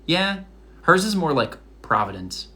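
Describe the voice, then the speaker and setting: A man's voice: fairly low pitch, expressive, a little fast, pushed and bright. A young man with a Rhode Island accent, chatting casually on a live stream from his home kitchen, full of fillers. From Massachusetts. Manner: chatty, many likes and fillers.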